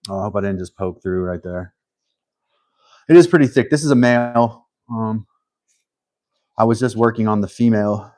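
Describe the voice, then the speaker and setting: A man hosting a casual live stream, thinking aloud while he works, humble and a little halting, with frequent restarts. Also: lowish voice, darkish tone, dry recording.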